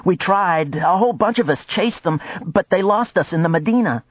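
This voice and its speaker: Man doing a small agitated man, high-pitched, urgent and breathless, dull muffled audio. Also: lively intonation, moderate pace, husky, dry recording. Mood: alarmed. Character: small, agitated male scientist.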